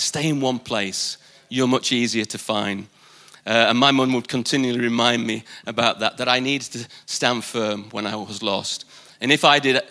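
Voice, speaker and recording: A man's voice: medium pitch, sharp tone. A man preaching a live sermon at a church service, emphatic, repeating key phrases for weight. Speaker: pastor.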